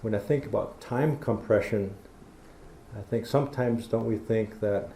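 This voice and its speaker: Man, middle-aged, public lecture, storytelling, gravelly, warm, roomy hall. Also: fairly low pitch, a little slow. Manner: storytelling, folksy, acts out talking to kids. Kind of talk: public talk. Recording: echoey lecture hall with faint noise.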